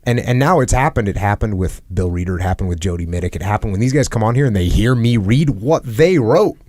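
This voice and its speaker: Earnest low-voiced man, dry close sound. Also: lively intonation, fast talker, darkish tone, no echo. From United States. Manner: earnest, repeats phrases for emphasis. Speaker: podcast host. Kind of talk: reflective conversational talk.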